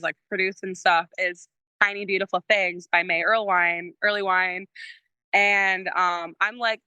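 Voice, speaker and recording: In a dry recording, a woman from Michigan speaks with a mid-range voice that's bright, forceful, clear and resonant. A musician guesting on a podcast, she tells rambling stories in a casual interview, laughing and using plenty of fillers, and raises her voice to perform quoted lines.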